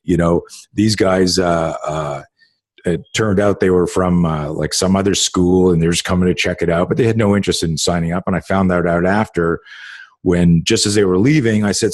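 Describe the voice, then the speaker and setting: A middle-aged man with a very low, husky voice hosts a casual talk, telling long stories full of fillers and blunt swearing. He is recorded close and dry. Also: fairly even intonation, brisk, darkish tone, dry recording. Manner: rambling storyteller with many fillers and swearing. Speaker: podcast host. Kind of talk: casual conversation.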